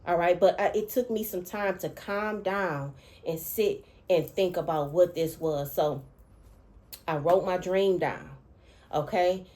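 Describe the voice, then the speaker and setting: A woman vlogging as a dream interpreter, telling a personal spiritual testimony in an excitable way, stretching out words for emphasis and swinging between hushed and loud. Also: on the low side, measured pace. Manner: excitable, repetitive, breaks off and restarts, keeps saying 'all right' and 'okay'. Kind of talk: emotional personal testimony to camera.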